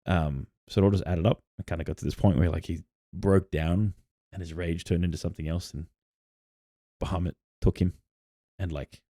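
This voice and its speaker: Brief: male podcast co-host, very low voice, rambling, dry close mic. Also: fairly even intonation, moderate pace, dark tone, no room sound. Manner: rambling storyteller with many "like" fillers and restarts. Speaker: podcast co-host and game master. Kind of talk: casual chat about tabletop campaigns.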